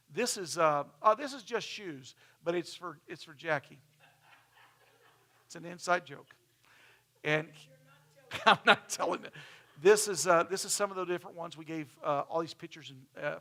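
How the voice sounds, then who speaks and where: Bright-voiced chatty preacher. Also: male voice, a little high. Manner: chatty, storytelling, acts out quoted people. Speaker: pastor. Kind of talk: casual sermon, telling stories over slides. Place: church.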